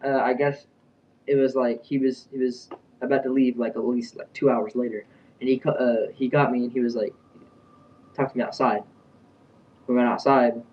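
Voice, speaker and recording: A man's voice: mid-range voice, little pitch movement, moderate pace, pauses often, slight background noise. Brief: young male vlogger, casual and rambling, dull, slightly distant recording. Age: young adult. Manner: rambling, with many fillers and restarts. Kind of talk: casual storytelling. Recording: dull sound, a bit far from the mic.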